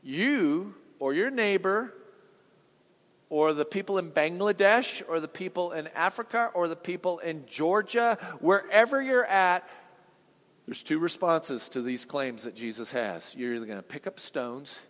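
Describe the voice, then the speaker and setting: A man preaches a sermon in a church sanctuary, his fairly high voice dropping to near-whispers before surging into loud peaks. He keeps putting questions to the congregation. A long reverb from the large hall trails each phrase. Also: animated, measured pace. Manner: dynamic preaching, swinging from hushed to booming. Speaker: pastor.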